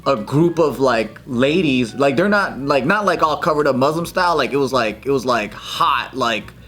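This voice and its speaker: A man's voice: medium pitch, lively intonation, moderate pace, fairly bright tone, faint music behind. A man on a comedy news panel telling a story in casual chat, rambling with many fillers. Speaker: panel commentator.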